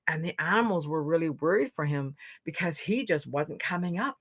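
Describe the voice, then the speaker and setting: Expressive woman storyteller from Canada. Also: on the low side, normal speed, no echo. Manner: expressive, dramatic dynamics. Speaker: storyteller, knowledge keeper. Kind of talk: oral storytelling to an audience.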